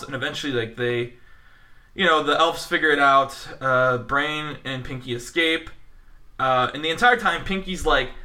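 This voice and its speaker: A man co-hosting a casual podcast, talking with animated enthusiasm and lots of fillers. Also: mid-range voice, normal speed. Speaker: podcast co-host. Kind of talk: casual film podcast chat.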